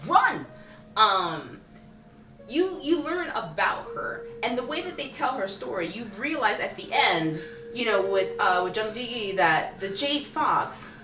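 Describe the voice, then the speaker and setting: Animated woman vlogger in an echoey room. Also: fairly high pitch, a little slow. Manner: animated, acts out characters' lines. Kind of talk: casual film review chat. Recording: roomy echo, distant mic, faint music.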